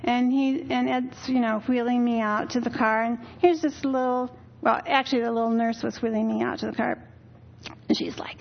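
Older woman, tired, earnest candid testimony, a bit high-pitched, dull lo-fi sound. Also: steady tone, normal speed, creaky, slight background noise. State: weary. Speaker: church speaker. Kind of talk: personal testimony talk.

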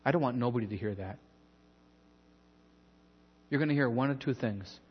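A pastor preaching a sermon in a church in a conversational, animated way, with asides and bits of humor. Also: male voice, medium pitch, moderate pace, husky, long reverb tail, dull audio.

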